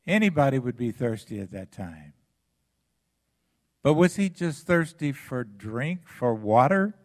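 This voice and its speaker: A male pastor delivering a sermon at an unhurried, deliberate pace. He preaches dramatically, swinging from loud passages down to hushed ones. His voice sits at an ordinary middle pitch for a man. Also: big pitch swings.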